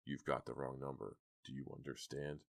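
A man voicing a gruff, menacing stranger who growls threats over a phone in a storybook reading. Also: a bass voice, flat delivery, moderate pace, no room sound, clean studio sound, heavily acted.

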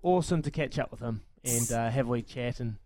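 A man with a New Zealand accent chats about rugby league on a radio show. He sounds relaxed and friendly, easygoing in his delivery and generous with praise. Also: medium pitch, brisk, dry recording. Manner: relaxed, friendly, uses "mate" and "bloke".

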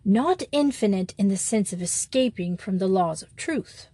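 Mild, small male priest, calm reasoning tone, even pitch read by a woman narrator. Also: moderate pace, husky.

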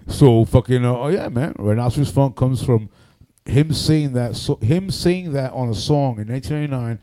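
A man, a radio personality and MC, telling loud, animated stories on a podcast and swearing often. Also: medium pitch, normal speed. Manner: animated, loud, acts out other people's voices, swears often. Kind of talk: casual storytelling on a podcast.

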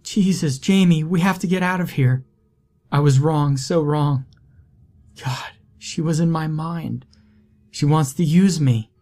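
A man's voice: mid-range voice, slow, pauses often, warm tone, husky, pitched above the performer's own voice. A man voicing a terrified young woman who begs frantically in a horror story reading. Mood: frantic, pleading. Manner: frantic, pleading.

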